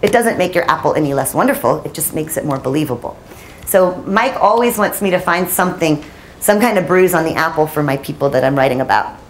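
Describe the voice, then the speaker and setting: A woman's voice: deep voice, expressive, fairly quick, a little hiss or hum. Chatty woman telling newsroom stories. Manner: chatty, self-deprecating, laughs often. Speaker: journalist giving a talk. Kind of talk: storytelling conference talk. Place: audience room.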